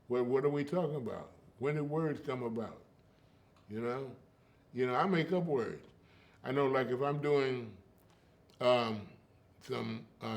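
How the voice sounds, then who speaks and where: An older man tells stories in a relaxed interview and keeps a steady rhythmic pulse in his speech. He leans on emphatic repeats and checks in with his listener through "you know" and "okay.". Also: medium pitch. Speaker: interviewee, griot. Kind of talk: casual conversational storytelling.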